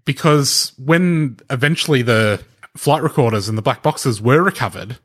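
A man's voice: mid-range voice, normal speed, husky. A man explaining things in casual podcast chat. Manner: explanatory, thinking aloud with frequent restarts and light laughter. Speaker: podcast co-host presenting the research.

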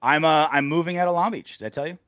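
A man co-hosting a casual sports podcast, ranting in an animated, crude way. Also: fairly high pitch, fast, dry recording, clean studio sound. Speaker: podcast co-host.

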